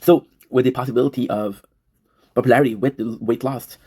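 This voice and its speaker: Male, 30s, streamer. Rapid, rough-edged voice; rambling, emotional, profane confessional delivery. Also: mid-range voice, fairly even intonation, warm tone. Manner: emotional, repeats himself, swears. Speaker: livestreamer. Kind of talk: rambling confessional livestream talk.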